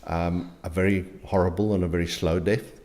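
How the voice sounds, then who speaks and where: A middle-aged man from South Africa with a South African accent, an interview guest speaking earnestly and haltingly, with frequent restarts. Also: low-pitched, flat delivery, darkish tone. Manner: earnest, halting, many restarts and repeated words. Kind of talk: conversational interview.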